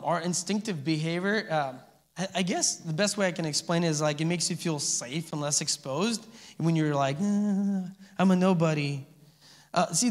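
Male pastor, high voice, chatty sermon style, echoey church hall. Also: a bit bright. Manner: conversational preaching with frequent "amen?" and "okay?" checks. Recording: reverberant hall.

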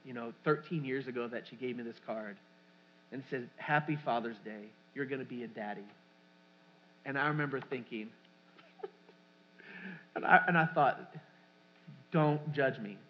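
A male pastor preaching a sermon, telling a personal story frankly and asking the congregation rhetorical questions. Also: a little high. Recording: muffled, dull sermon recording.

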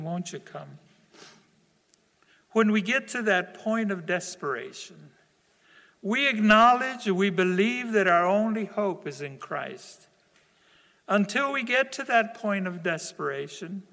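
A man preaching in a church sanctuary, his words drawn out and deliberate. His voice sits a little high for a man and rings with a long reverb off the hall. He leans hard on key words, then drops soft and low. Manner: slow, emphatic preaching with swells and drops in volume. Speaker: pastor. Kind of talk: sermon with altar call.

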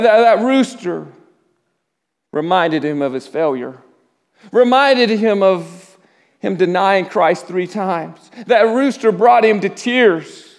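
A high-pitched male pastor delivers his sermon at an unhurried, measured pace. He trips over his words, repeating the start of a phrase, then falls to near whispers when the story turns grave. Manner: halting restarts, drops to a hush at solemn moments. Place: church.

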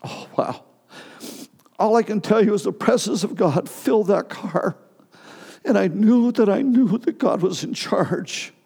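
A middle-aged male pastor preaching a sermon, telling a personal story with emotion and halting restarts. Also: high-pitched, creaky, warm tone, slightly rough. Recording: long hall reverb.

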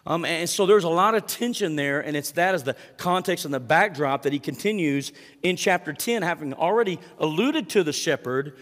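A man's voice: fairly high pitch, animated, normal speed, fairly bright tone, long reverb tail. A man preaching a sermon as pastor, earnest and conversational, with fillers and repeated words as he reads scripture and prays. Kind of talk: sermon with scripture reading and prayer.

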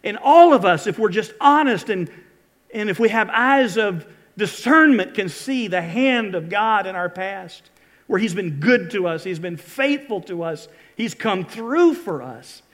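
A male pastor with a notably high voice preaches to his congregation. He tells scripture stories in an animated way and leans hard on the key moments. His delivery sounds like a live church sermon. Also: measured pace. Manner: animated storytelling, retelling scripture with lively emphasis. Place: church service before a congregation.

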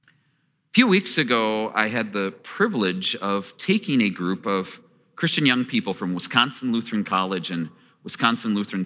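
A male pastor preaching a sermon in an animated, storytelling way, often asking the congregation questions. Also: medium pitch. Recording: long reverb of a large hall.

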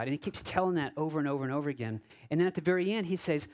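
A man preaching as a pastor in a relaxed, conversational sermon, telling stories with asides and frequent restarts. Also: medium pitch, fast. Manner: casual, self-correcting, storytelling with asides. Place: church service.

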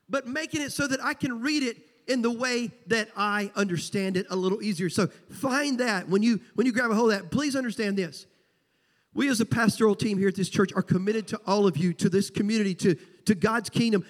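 A man's voice: very high voice, fairly bright tone. A man with a Southern US accent preaching a sermon as pastor, folksy and emphatic, repeating key phrases. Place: church sanctuary. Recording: long church hall reverb.

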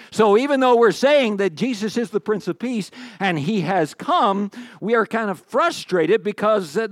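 A male pastor preaching to his church, his voice sitting a little high for a man. He keeps it lively and playful, tossing trivia questions to the congregation. The sound is close and dry, with little room echo. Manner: lively, joking with the congregation, asks quiz questions. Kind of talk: sermon. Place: church sanctuary.

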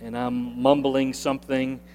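Earnest pastor telling a story in a reverberant hall. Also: male voice, monotone, measured pace, darkish tone, slight background noise. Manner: earnest, emphatic storytelling that rises in pitch at key points. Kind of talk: sermon storytelling. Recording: long reverb of a large hall.

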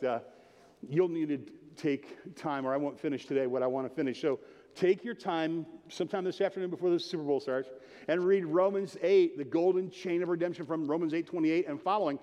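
Conversational pastor preaching in a reverberant church. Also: male voice, fairly high pitch, warm tone. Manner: conversational, jokey preaching with asides to the congregation. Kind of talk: sermon. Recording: long hall reverb.

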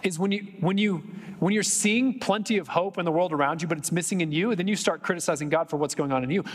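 A man's voice: on the high side, husky, big-room sound. A male pastor preaching a sermon in a church, talking conversationally with joking asides and building to impassioned emphasis. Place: church sanctuary.

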